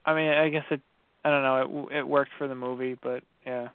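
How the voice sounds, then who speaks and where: A man's voice: mid-range voice, flat delivery, fairly quick, clean tone, dry recording. A man co-hosting a casual movie review podcast, mostly giving short agreeing replies. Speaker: podcast co-host. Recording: dry, phone-like lo-fi audio.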